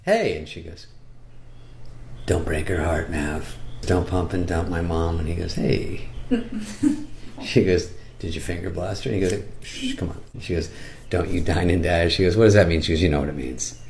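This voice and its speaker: A comedian in his later years delivers a loose, sarcastic monologue. His voice sits fairly low, with dry, deadpan timing. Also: normal speed, vocal fry, pauses often, background noise. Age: older. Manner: sarcastic, deadpan riffing with high-pitched impressions.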